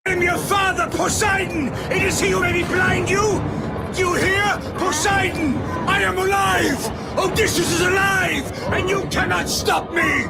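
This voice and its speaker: An actor playing a defiant hero, shouting at full force from his ship across the water, heard from a distance. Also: very high voice, fairly even intonation, measured pace, vocal fry, heavily acted. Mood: defiant triumph. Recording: distant voice under loud music and crowd.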